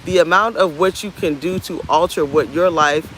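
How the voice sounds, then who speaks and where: A woman in her thirties talking candidly to camera outdoors, rambling and animated. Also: on the low side, moderate pace, slight background noise, low-quality recording. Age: 30s. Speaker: vlogger. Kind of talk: casual talk to camera. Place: outdoors on a beach.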